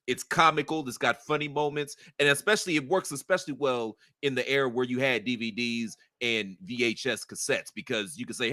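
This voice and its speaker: A man's voice: mid-range voice, brisk, few pauses, pushed and bright, no echo, clean studio sound. A man hosting a casual podcast chat, telling stories in an earnest, laid-back way. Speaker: host.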